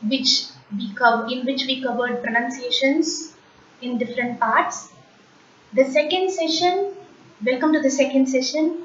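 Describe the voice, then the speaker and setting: Woman, high voice, unhurried language teacher who repeats terms for beginners; distant, dull lo-fi recording. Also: reverberant. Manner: slow, patient, repeats words for learners to copy. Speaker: French teacher.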